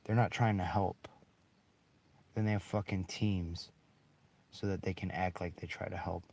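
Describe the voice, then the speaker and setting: A man's voice: low-pitched, steady tone, a little slow, creaky, a little mellow. A man in a rambling, bitter monologue, swearing heavily and breaking into short laughs. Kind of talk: angry monologue.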